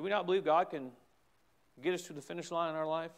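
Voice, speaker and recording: A middle-aged pastor with a Southern US accent preaches a sermon, swinging from hushed asides to loud, emphatic exclamations. His gravelly voice is fairly high-pitched and steady in tone, and he speaks at a quick pace.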